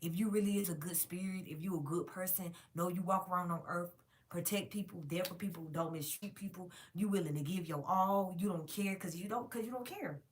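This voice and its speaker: A woman's voice: fairly low pitch, brisk, slight background noise. A woman vlogging to her viewers in a casual, emphatic and profane rant, calling them y'all.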